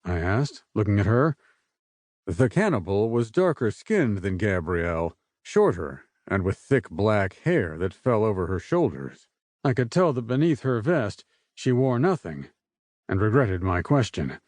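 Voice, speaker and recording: A man narrating a first-person audiobook in an unhurried, measured way. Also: fairly low pitch, sing-song, a little mellow, dry recording.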